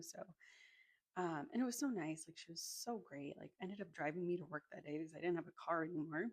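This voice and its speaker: An energy healer and Reiki practitioner from Arizona tells her story straight to the camera, loose and chatty, packing her sentences with "like" and swearing casually. Her fairly low voice is husky, with gravelly fry at the ends of phrases, and she talks fairly quickly into a microphone in front of her.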